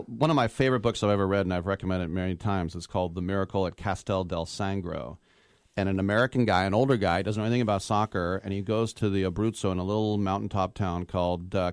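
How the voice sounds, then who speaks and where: Deep-voiced man hosting a sports talk show. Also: no room sound, clean studio sound. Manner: chatty, quick with trivia and wordplay. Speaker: sports radio host. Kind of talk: casual talk-show interview.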